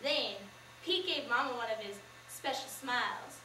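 A teenage girl performing a memorized story in the first person, with expressive, measured narration, in a school auditorium. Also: on the high side. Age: teens. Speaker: student performer. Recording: echoey room, from far off, faint noise.

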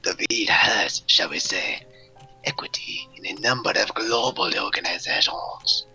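A secretive male mastermind murmurs his plans in a halting whisper, as a man puts him on for a game. It is whispered role-play, with bright, tense tone and a gravelly edge. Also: on the low side, soft background music, heavily acted, rough recording. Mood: conspiratorial.

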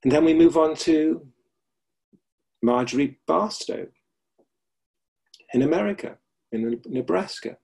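A man's voice: a little high, lively intonation, slow, vocal fry, long pauses, darkish tone, breathy edge. A middle-aged man teaching the Alexander Technique in a webinar, reflective and repeating key phrases for emphasis, heard over a video call. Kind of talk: webinar lecture with anecdotes.

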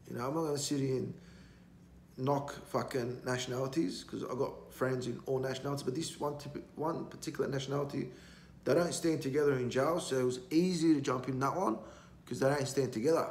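A man appears as a podcast guest, telling stories casually in a blunt, rambling, heavily profane way. His voice is medium-pitched and a little mellow. The recording has a roomy echo and faint background noise.

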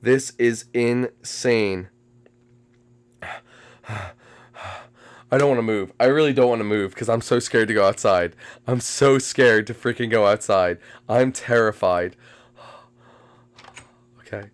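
A young man commentating a game. He repeats his phrases again and again, and swings from hushed muttering to panicked shrieks. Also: medium pitch, slow pace, pauses often, clear, resonant tone. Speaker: gameplay commentator.

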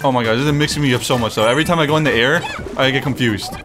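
A man giving excitable, joking let's-play commentary, swearing often and talking to the game as he plays. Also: medium pitch, rapid-fire, noisy background. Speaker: gaming streamer. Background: game music.

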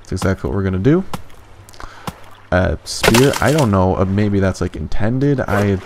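A young man doing let's play commentary, excitable and swearing often, jumping into high yelps when frustrated. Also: normal speed, background noise. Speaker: gaming YouTuber.

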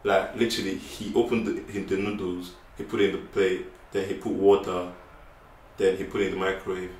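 A man's voice: sits low, flat delivery, a little fast, reverberant, distant mic, slight background noise, poor audio. A young man, a student, bantering playfully about his house. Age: young adult. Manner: joking, loud and playful. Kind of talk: casual banter.

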